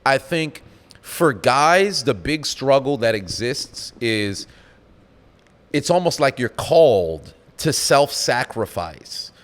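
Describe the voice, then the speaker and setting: A man's voice: mid-range voice, big pitch swings, slow pace. Reflective man on a podcast, echoey room. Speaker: podcast co-host. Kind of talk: casual podcast chat.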